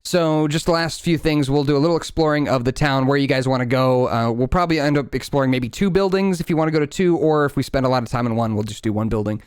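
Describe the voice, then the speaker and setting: A man's voice: medium pitch, quick pace, few pauses, darkish tone, clean tone, dry recording, studio quality. A man running a tabletop game as game master, narrating loosely with lots of fillers and restarts.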